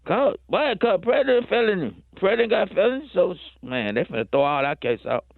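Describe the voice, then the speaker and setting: A man's voice: very animated, brisk, gravelly, no echo, phone-quality sound, full character voice. A man voicing a brash streetwise hustler, rambling in slang. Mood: hyped. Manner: slangy, rambling, boastful sales pitch. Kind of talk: radio prank-character comedy bit.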